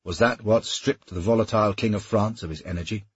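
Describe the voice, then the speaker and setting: A man narrating a historical novel in a steady, measured audiobook reading. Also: fairly low pitch, slightly rough, muffled recording.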